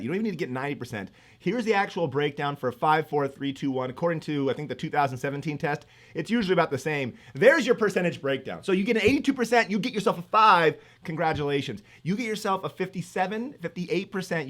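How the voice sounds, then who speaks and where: A middle-aged man teaching economics on a live stream, energetic and hyped, rambling with lots of fillers. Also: a little high. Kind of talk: live-streamed exam review.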